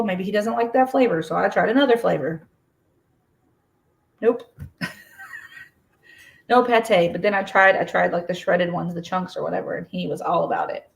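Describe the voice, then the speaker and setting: A woman's voice: on the low side, gravelly. An American woman chatting casually on her own livestream. She rambles through a story with many fillers and breaks off to welcome viewers by name. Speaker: crochet livestream host.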